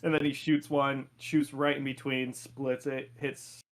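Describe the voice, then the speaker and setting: A man's voice: mid-range voice, flat delivery, unhurried. A man co-hosting a podcast, recapping an episode in casual, profane chat and laughing a lot. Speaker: podcast co-host.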